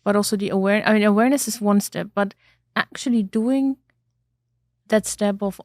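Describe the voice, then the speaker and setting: A woman's voice: medium pitch, moderate pace, no echo, studio quality. A woman hosting a podcast, asking thoughtful follow-up questions in a casual interview. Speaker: podcast host.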